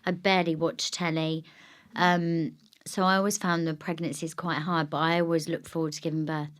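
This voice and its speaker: A woman, a lively guest chatting in an interview, acting out quotes and laughing often. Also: deep voice, moderate pace. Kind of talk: casual interview chat.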